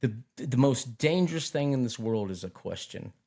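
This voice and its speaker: A middle-aged man in casual chat, telling stories in an animated way and often repeating his words. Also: medium pitch, moderate pace.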